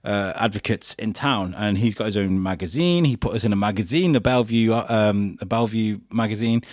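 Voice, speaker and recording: A man chats on his own podcast as the guest of honour. He rambles warmly through anecdotes, stumbling on fillers and slipping into the voices of the people he quotes. The sound is close and dry, with no room around it. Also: lowish voice, no echo. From England. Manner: chatty storyteller, acts out quotes, many fillers and restarts. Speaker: podcast host being interviewed. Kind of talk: casual podcast chat.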